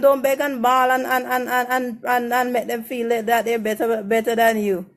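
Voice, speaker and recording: A woman's voice: on the high side, flat delivery. A woman hosting a casual advice talk, blunt and frank, stumbling over and repeating her words. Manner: greets viewers by name in a slow sing-song. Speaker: host of a relationship advice show.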